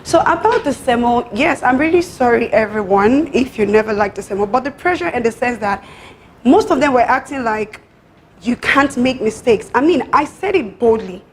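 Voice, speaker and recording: A young woman with a Nigerian accent speaks in a reality show confessional. She retells a quarrel with animated, defensive energy and quotes the others as she goes. Her voice sits a little high, with faint room ambience behind her. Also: normal speed, slight background noise. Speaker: pageant contestant.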